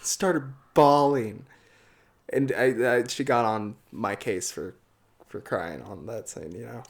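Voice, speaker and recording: A man's voice: medium pitch, takes it slowly, vocal fry. A young adult man, a podcast guest in a casual chat, talking loosely, swearing and laughing often.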